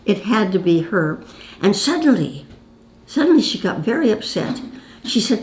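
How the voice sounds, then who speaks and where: A woman's voice: mid-range voice, sing-song, normal speed, darkish tone. A woman in her nineties telling her own stories to camera in a chatty, reminiscing way, calling the viewer "my dear". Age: 90s. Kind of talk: casual storytelling to camera. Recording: roomy echo.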